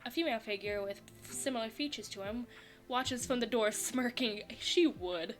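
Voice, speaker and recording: Excitable woman gushing over a game. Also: on the high side, normal speed, soft background music. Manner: excitable, gushing, bursts of cheering and giggling; rambling with frequent restarts and playful self-mockery. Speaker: streamer playing a visual novel. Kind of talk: casual gameplay reaction, reading the story aloud. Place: at home.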